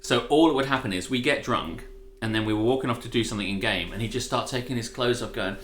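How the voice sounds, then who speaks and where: Animated, sweary man ranting in a roomy space. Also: mid-range voice, fast talker. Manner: animated, sweary, ranty storytelling. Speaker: co-host. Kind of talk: casual ranting chat on a live stream.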